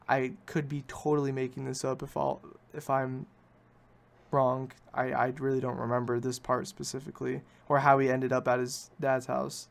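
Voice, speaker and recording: A man's voice: medium pitch, monotone, moderate pace, creaky. Guy on a podcast retelling a movie plot, rambly, keeps correcting himself. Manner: rambling, self-correcting, hedges often. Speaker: podcast host. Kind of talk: casual movie recap.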